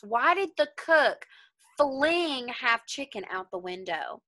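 A woman teacher reading a folktale aloud to young children, pausing to ask them questions about the story. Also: a little high, no echo. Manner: expressive, questioning the listeners.

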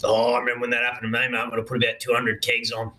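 A man's voice: medium pitch, completely flat delivery, racing, pushed and bright, close to an everyday voice. A man playing a crude, bearded party bloke in improvised game roleplay, swearing constantly. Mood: rowdy. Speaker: roleplay character. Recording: game chat with strong background noise.

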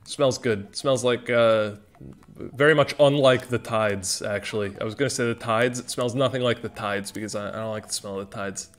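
This streamer's voice is lowish and fairly bright, moving at a moderate pace over soft background music. He rambles and jokes about himself with frequent exclamations while casually commenting on his gameplay.

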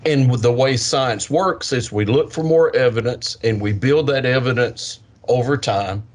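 An older man, a science educator, answering interview questions with lively storytelling and acted-out kids' voices. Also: mid-range voice, moderate pace. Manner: animated, acts out kids' voices. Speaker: science educator with a portable planetarium.

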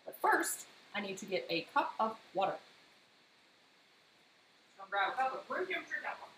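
This baking streamer has a mid-range voice and a brisk delivery as she casually demonstrates a recipe from her home kitchen. She's chatty, dropping animated personal stories between steps, and the space sounds echoey with faint noise.

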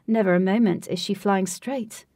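A woman playing an excitable gentleman. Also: moderate pace, no echo, recorded from a distance, close to an everyday voice. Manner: excitable, high-pitched and loud. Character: excitable, flustered gentleman in a white suit. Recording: dry, voice set back from mic.

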